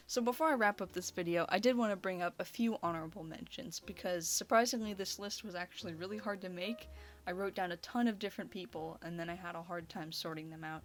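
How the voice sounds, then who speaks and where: A young woman rambling casually and gushing, with lots of "like" fillers. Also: on the low side. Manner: gushing, chatty, heavy use of "like" fillers. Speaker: video creator. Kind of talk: casual rambling ranking video. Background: faint background music.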